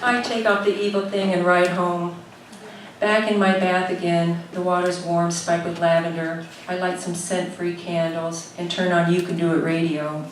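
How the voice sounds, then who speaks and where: A woman tells a comic story in a wry, exasperated tone. Her voice echoes through a roomy space and is picked up from a distance, with clear noise behind her. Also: on the low side, level tone, moderate pace. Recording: echoey room, mic from a distance.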